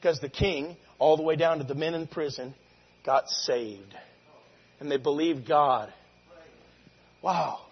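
Husky preacher man who breaks into shouts. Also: fairly high pitch, takes it slowly, long pauses, long reverb tail, highs cut off. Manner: swings from conversational asides to loud shouted scripture. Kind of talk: sermon.

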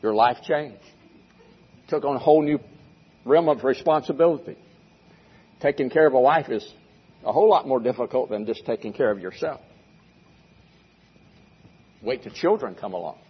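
An older male pastor delivers a sermon in a husky voice, pressing his points by repeating them. The recording sounds dull and muffled, as if taped in the church room. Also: mid-range voice, lively intonation, normal speed, long pauses. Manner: preaching with emphatic repeated phrases.

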